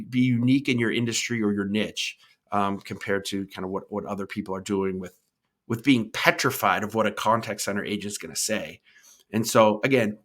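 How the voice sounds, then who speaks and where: Responding to live comments, a middle-aged man hosting a podcast works through his ideas off the cuff, repeating words as he restarts and capping points with "right?". He has a mid-range voice and a sharp tone.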